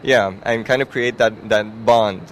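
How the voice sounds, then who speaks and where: Relaxed low-voiced man interviewed outdoors. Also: a little slow, a little hiss or hum. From United Arab Emirates. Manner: relaxed, many fillers. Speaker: designer guest. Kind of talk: casual interview answers. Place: outdoors at a design event.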